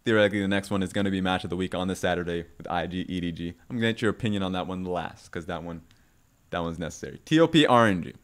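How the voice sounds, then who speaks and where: A man co-hosting a podcast in casual chat, teasing and excitable. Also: rapid-fire. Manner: excitable, teasing, pitch jumps when excited. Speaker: esports podcast co-host.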